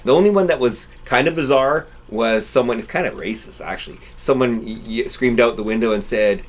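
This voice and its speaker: A middle-aged man hosting a car channel, telling rambling, animated stories in casual chat to camera. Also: on the low side, fairly quick, husky. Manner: rambling, animated storytelling with restarts. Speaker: channel host. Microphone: camera-mounted mic, no lapel.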